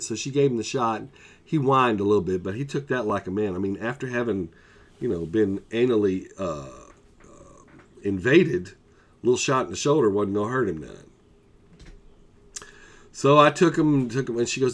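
A man telling a funny anecdote in an animated, exasperated way. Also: fairly low pitch, moderate pace, long pauses. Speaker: storyteller. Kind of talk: casual anecdote.

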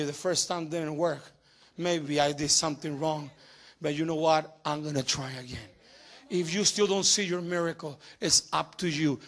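A male pastor preaching a sermon, moving from quiet, low asides to loud, shouted calls for glory to God. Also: vocal fry. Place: church sanctuary.

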